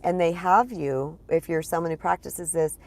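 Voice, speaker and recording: A woman's voice: lowish voice, normal speed, darkish tone. A woman speaking as a spiritual empowerment coach in a casual vlog monologue. She is chatty, repeats words for emphasis and talks to her viewers as "you guys.".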